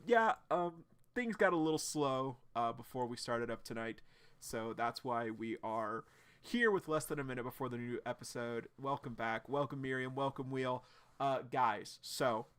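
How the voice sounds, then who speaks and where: A man streaming his live reaction to a webcomic, talking at a middling pitch. He rambles with plenty of ums and likes, then breaks into excited outbursts. The delivery is loose, casual chat. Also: moderate pace, clean tone.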